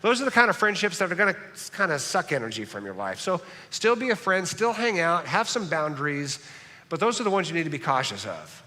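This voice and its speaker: A man's voice: on the high side, very animated, fairly quick, sharp tone. A middle-aged man preaching a sermon as pastor, in a conversational, joking and self-deprecating way, in a church sanctuary. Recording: reverberant church hall.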